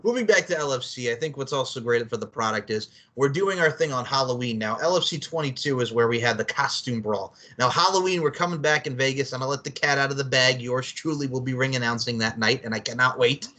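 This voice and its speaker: A man's voice: medium pitch, fast talker, few pauses, pushed and bright. A man hosting a casual podcast chat, rambling, profane and often laughing. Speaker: podcast host.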